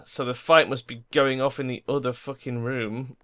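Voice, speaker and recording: A man's voice: mid-range voice, level tone, moderate pace, fairly bright tone. Casual swearing man playing a game. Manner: swears casually, reads game text aloud. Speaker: gamer. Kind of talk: casual let's play commentary.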